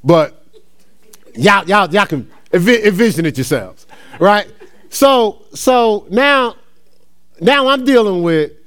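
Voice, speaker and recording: This man has a fairly high, slightly bright voice. A middle-aged New Jersey native, he preaches a sermon of personal stories in a laid-back style, frequently laughing and calling the crowd y'all.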